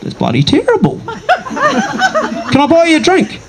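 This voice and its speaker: A man's voice: very high voice, wildly swooping pitch, a little slow, very noisy, voice pushed up, exaggerated voice. A man putting on a New Zealand accent, playing a falsely friendly barfly who offers drinks all round. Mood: breezy.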